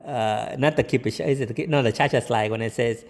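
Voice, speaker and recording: Man, DJ, casual rambling tips, gravelly voice, long reverb tail. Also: mid-range voice, fast, a little mellow. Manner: rambling, with many ums and jokey put-on quotes. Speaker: DJ giving business tips. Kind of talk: casual talk to camera.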